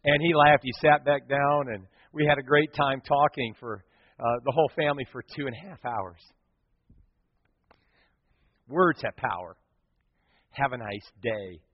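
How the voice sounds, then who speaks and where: A middle-aged man preaching a sermon, telling stories and swinging from hushed to loud. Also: mid-range voice, normal speed, long pauses, breathy edge. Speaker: pastor. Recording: dull sound with long hall reverb.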